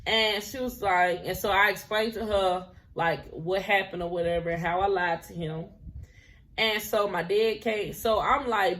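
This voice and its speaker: A woman's voice: mid-range voice, steady tone, unhurried, fairly bright tone. A woman in her twenties telling a personal story to her viewers in a casual, chatty way. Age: 20s. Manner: chatty, laughs often, drifts into quoted dialogue.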